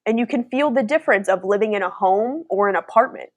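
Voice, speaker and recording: A woman's voice: mid-range voice, quick pace, no room sound. A young woman hosting a casual spiritual chat, talking bluntly with lots of swearing and mocking impressions. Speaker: host.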